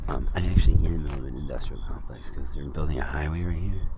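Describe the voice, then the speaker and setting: A man's voice: rumbling low, fast talker, gravelly, heavy background noise. A man rambling casually in a self-filmed vlog, recorded outdoors. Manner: rambling, drifting from topic to topic. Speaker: vlogger. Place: outdoors in hot weather.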